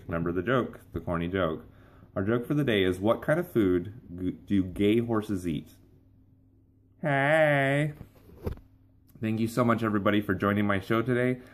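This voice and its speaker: A man hosting his own comedy vlog, chatting casually to camera in a rambling, playful way. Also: low voice. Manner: rambling, playful, with frequent fillers. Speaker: host of a comedy vlog show.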